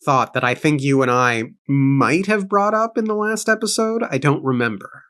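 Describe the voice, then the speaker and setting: A man's voice: a little high, expressive, moderate pace, a bit bright, clean tone. A man co-hosting a book-club podcast, reading aloud and musing in a thoughtful, self-correcting way. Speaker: podcast co-host.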